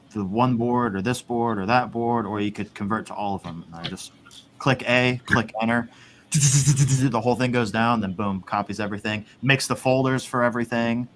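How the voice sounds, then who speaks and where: A man's voice: medium pitch, normal speed, slight background noise. A man in casual chat, rambling, swearing and laughing often. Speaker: podcast host.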